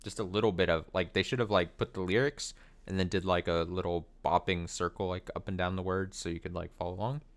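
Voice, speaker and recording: A man's voice: sits low, fairly even intonation, fairly quick. A young man casually commenting on his gameplay, rambling and sarcastic with many fillers. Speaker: let's play host.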